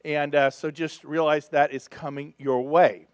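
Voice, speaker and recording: A fired-up man in his fifties, from California, speaks to a seminar crowd in a live motivational talk. His voice sits high and he keeps the energy up with quick jokes. The sound is close and dry, with little room around it. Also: clear, resonant tone, no room sound. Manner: energetic, joking, revs up the crowd. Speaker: real estate speaker at a business seminar.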